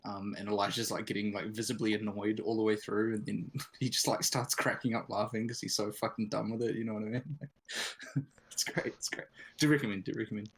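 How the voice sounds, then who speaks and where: A man's voice: fairly low pitch, fairly even intonation, a little fast, slightly rough, rough recording. A man from New Zealand in casual podcast chat, telling stories in a laid-back, wry way. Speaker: podcast co-host.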